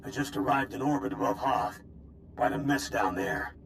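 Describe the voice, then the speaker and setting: A man voicing a gruff veteran army general in a video game, with a grizzled, old-sounding voice and clipped military orders. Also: medium pitch, expressive, normal speed, a bit bright, slight background noise. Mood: stern.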